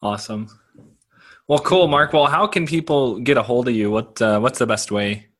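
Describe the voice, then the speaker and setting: A man's voice: medium pitch, normal speed. A man hosting a casual interview, bantering and laughing easily. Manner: laughs often, relaxed banter. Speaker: podcast host.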